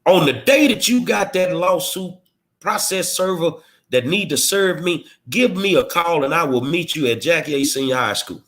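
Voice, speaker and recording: In a confrontational monologue, this political commentator speaks bluntly and in a streetwise way, firing off rhetorical questions. His voice is on the high side, expressive, a bit bright, at normal pace.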